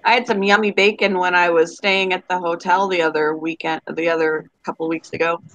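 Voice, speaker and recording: A woman's voice: lowish voice, flat delivery, a little fast, fairly bright tone, rough recording. A woman hosting a casual group chat, laughing often and acting out what people say. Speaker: host.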